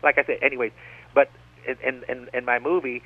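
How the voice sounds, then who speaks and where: Casting: man, radio guest, rambling, digressive talker, call-in phone sound, mid-pitched voice. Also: little pitch movement, fairly quick. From United States. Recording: tinny phone-line radio broadcast.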